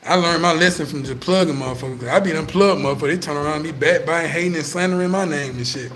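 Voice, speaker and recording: Male vlogger, slightly high voice, casual profane storytelling, light background hiss. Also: fast talker, a bit bright, low-quality recording. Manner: profane, laid-back street talk.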